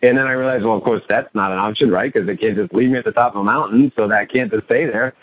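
A man's voice: lowish voice, fast, highs cut off. A man telling a story on an interview show and acting out his own lines, a coach and author as guest.

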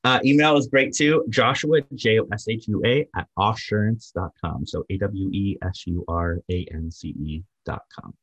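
A man's voice: fairly low pitch, moderate pace, hardly any pauses, a bit bright, husky, dry recording, lo-fi sound. A man talking as a guest on a podcast, easygoing, with lots of fillers, who likes telling jokes. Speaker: guest, digital marketing agency owner. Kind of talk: casual podcast interview.

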